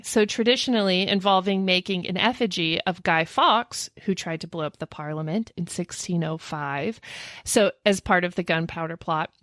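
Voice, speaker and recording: A woman's voice: medium pitch, dry recording, studio quality. A woman co-hosting a podcast, telling spooky history in a casual, jokey way with frequent laughter. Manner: animated, laughs often, jokey asides. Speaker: podcast co-host. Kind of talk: casual storytelling chat.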